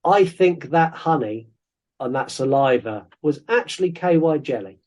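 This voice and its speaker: A man's voice: a little high, animated, measured pace, a little mellow. Rambling podcast co-host, man. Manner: rambling, jokey, self-interrupting. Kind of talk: casual film review chat.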